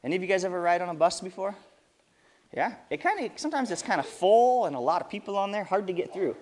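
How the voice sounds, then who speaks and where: Lively man reading to kids. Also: sits high, quick pace. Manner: lively, asks the kids questions. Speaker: children's storyteller. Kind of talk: reading a story to children.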